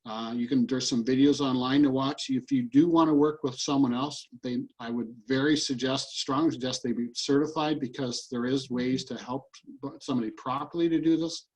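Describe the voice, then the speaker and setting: A man's voice: mid-range voice, fairly even intonation, moderate pace, a little mellow, low-quality recording. A man coaching listeners through a tapping routine over a video call, repeating short statements in an earnest way. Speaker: EFT practitioner and coach. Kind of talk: guided tapping demonstration.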